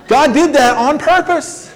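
His pitch extremely high, a male pastor jokes his way through a conversational sermon full of quick asides, his voice echoing with long hall reverb across a church sanctuary.

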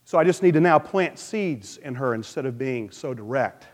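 A man preaching a sermon as pastor, lively and playful, with asides and sound effects. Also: medium pitch, moderate pace, in a large hall.

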